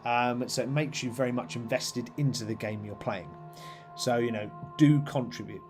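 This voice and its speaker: A man's voice: medium pitch, fairly even intonation, normal speed, a little mellow, faint music behind. A man hosting a live stream, chatting casually about tabletop roleplaying with lots of fillers and restarts. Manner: rambling, many fillers and restarts. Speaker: host.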